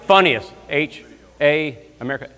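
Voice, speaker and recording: Animated preacher in a reverberant church. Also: male voice, fairly high pitch, normal speed. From Alabama, US South. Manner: storytelling with bursts of shouting praise. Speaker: guest minister. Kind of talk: lively comedic sermon. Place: church sanctuary. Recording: long church hall reverb.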